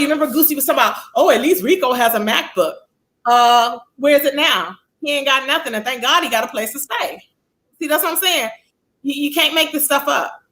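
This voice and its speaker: A woman runs her own livestream with casual sass, chatting freely and reading viewers' comments aloud. Her high voice sounds bright and forceful, though the recording quality is low.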